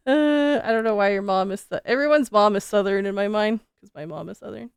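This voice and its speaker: A woman's voice: mid-range voice, a little fast, vocal fry, hardly any pauses, smooth, no echo, clean studio sound. A woman streamer chatting casually with her viewers, rambling and laughing often, with frequent casual swearing.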